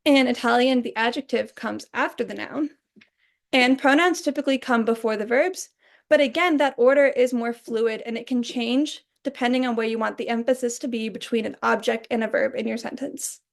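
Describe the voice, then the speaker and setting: Woman presenting a class lesson, gravelly. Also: fairly high pitch, normal speed. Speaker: student presenter.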